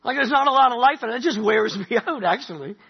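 A man's voice: very high voice, animated, fast, vocal fry, slightly rough, lo-fi sound. A middle-aged man from Canada preaching a sermon, talking conversationally with asides and rising animation. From Nova Scotia, Canada. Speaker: pastor.

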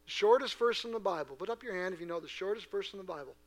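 A man preaching a sermon to a church congregation, earnest and full of rhetorical questions, moving between hushed asides and loud, emphatic passages. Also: high-pitched, animated, rapid-fire. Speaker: pastor.

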